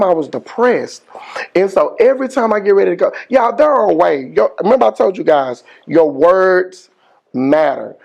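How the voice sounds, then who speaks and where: A middle-aged man, a school principal giving an energetic motivational speech with call-and-response and slangy phrasing. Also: a little high, creaky, muffled recording. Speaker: high school principal, guest speaker.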